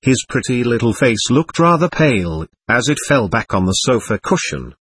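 Husky male audiobook narrator. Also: medium pitch, sing-song, a bit bright, no room sound. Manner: measured literary reading. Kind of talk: scripted narration.

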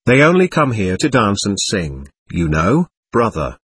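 A man's voice: on the low side, wildly swooping pitch, a little slow, fairly bright tone, slight background noise, voice pushed down, exaggerated voice. A man reading a restless, generous young man. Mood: eager.

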